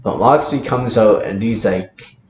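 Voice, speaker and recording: A man's voice: fairly low pitch, measured pace, a little mellow. A man casually telling a story to camera, chatty and laughing often as he hurries through the details. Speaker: wrestling fantasy booker. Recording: roomy echo, faint background hiss.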